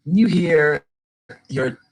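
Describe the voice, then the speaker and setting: An older woman shares a personal story with a room of listeners. Her voice is husky, and it climbs and swells as she gets caught up in the telling. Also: sits low, slow, rough recording. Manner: animated storyteller, voice rising with excitement. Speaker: guest speaker, children's book author. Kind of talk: storytelling talk to an audience.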